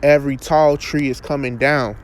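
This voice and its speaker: A man giving an earnest, preacherly spoken reflection outdoors, halting and restarting as he talks. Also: medium pitch, steady tone. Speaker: vlogger.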